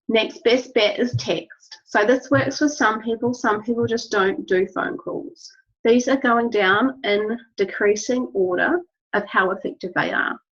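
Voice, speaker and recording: Her voice has a medium pitch and a breathy edge. The speaker, a woman who trains staff in the wellness business, gives an instructional talk to her team in an earnest, encouraging way, repeating key phrases. It's a dull, lo-fi recording.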